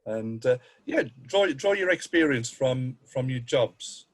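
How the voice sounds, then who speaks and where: A man in a panel discussion talks in a halting, restarting way as he shares his tips. His voice sits at an ordinary middle pitch. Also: animated. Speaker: panelist, game master.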